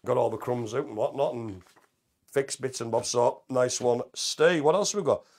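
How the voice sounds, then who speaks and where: A man's voice: mid-range voice, normal speed, a little mellow. A man co-hosting a live community show, chatting in a jokey, easygoing way. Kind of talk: casual live chat.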